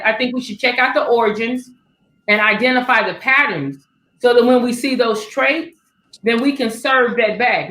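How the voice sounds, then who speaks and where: A woman hosting a casual panel, her voice a little higher than most, echoing around the room she sits in. She tells her stories with lively acted-out quotes. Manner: storytelling that acts out quoted voices. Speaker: panel host.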